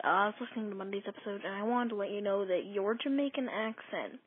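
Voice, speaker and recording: A woman's voice: medium pitch, breathy edge, no room sound. A woman leaving a short voicemail for a show, with hesitant fillers and emphatic praise. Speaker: caller. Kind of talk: voicemail call-in. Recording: dry tinny phone line.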